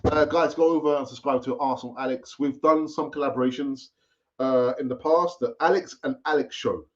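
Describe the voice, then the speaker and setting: A man's voice: mid-range voice, brisk, darkish tone. A man hosting a live football fan stream, chatting casually and repeating himself as he urges viewers to comment. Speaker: fan channel host. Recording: dull lo-fi stream audio.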